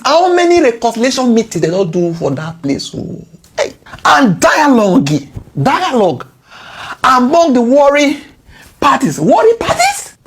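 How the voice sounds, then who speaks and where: A woman's voice: on the high side, husky. A woman with a Nigerian accent mixing in Pidgin, giving impassioned political commentary full of indignant rhetorical questions and repeated key words.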